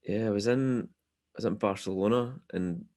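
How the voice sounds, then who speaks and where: A Scottish man chatting as a podcast guest, telling relaxed, self-deprecating stories. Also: fairly low pitch, normal speed. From Scotland. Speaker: guest musician. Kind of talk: casual podcast chat.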